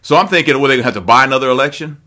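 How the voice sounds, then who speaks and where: A man hosting a casual TV recap chat, laid-back and halting, with lots of fillers. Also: medium pitch, bright, forceful tone. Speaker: podcast host.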